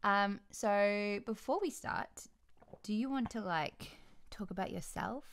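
An Australian woman hosts a relaxed podcast from home, bubbly and chatty. She talks in an easy, friendly flow and breaks into laughter often. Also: medium pitch, a little slow, clear, resonant tone. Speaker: podcast host. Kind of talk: casual chat.

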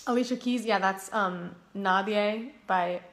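A woman's voice: medium pitch, unhurried, fairly bright tone. A young woman livestreaming from her kitchen, chatting casually, reading comments and breaking into song. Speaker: livestream host, singer. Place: home kitchen.

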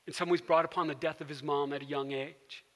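High bright-voiced male pastor preaching. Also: fairly even intonation, fairly quick, long reverb tail. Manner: storytelling, dropping to a soft hush for quiet moments. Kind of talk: sermon. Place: church sanctuary.

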